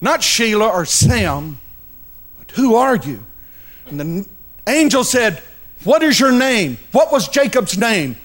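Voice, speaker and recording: A man's voice: high voice, big pitch swings, a little slow, long pauses, a bit bright. A male pastor preaching a sermon, telling a story dramatically and addressing the congregation directly.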